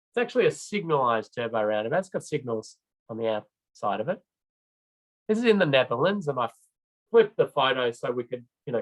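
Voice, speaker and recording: A man's voice: mid-range voice, a bit bright. A middle-aged man giving an informal training presentation as a road safety trainer, chatty and rambling, with many fillers and restarts. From Australia. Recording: slightly dull lo-fi recording.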